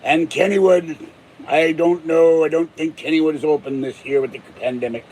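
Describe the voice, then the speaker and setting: A man's voice: fairly high pitch, fairly even intonation, moderate pace, a little mellow, slight background noise. An older man from Pittsburgh, a channel host rambling through jokes and tall tales in a casual monologue. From Pittsburgh, USA. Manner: joking, chuckling, tall tales.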